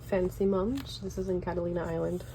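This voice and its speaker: Young woman, Californian accent, low mellow voice, rambling casual vlog, faint room hiss. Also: little pitch movement, brisk. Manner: chatty, loose and rambling with fillers. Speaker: vlogger showing her sketchbook. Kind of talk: casual chat.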